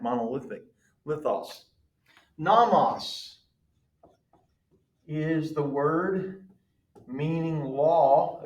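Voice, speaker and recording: A man's voice: on the high side, reverberant. A man teaching a class, explaining patiently and checking in with the students. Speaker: Greek teacher. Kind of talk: classroom lecture.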